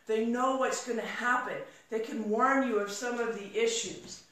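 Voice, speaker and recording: Energetic woman speaker in an echoey hall. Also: a little high, moderate pace. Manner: energetic storyteller, acts out quoted dialogue. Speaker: motivational speaker. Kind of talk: live motivational talk to an audience. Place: large room in front of an audience. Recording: echoey room from far off.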